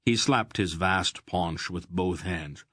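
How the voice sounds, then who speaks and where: Slow deep-voiced male audiobook narrator. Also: sharp tone, no echo, clean studio sound. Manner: reads all characters with slight voice shifts. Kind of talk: scripted narration.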